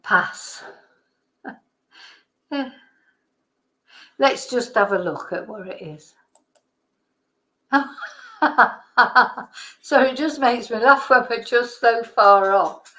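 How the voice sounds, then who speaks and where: A woman's voice: fairly high pitch, drawn-out words, pauses often, fairly bright tone, poor audio. A woman hosting a casual live-stream quiz, chatting, laughing and thinking aloud as she reads the questions. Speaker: host.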